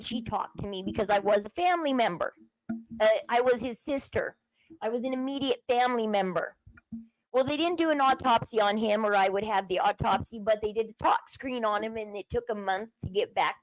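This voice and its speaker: A high-pitched woman talks in a loose, rambling commentary style, hopping between stories and searches on her computer. The sound is dry and close, with no room around her voice. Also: dry recording. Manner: chatty and rambling, acts out quoted people. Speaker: commentary channel host. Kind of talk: casual commentary while browsing on screen.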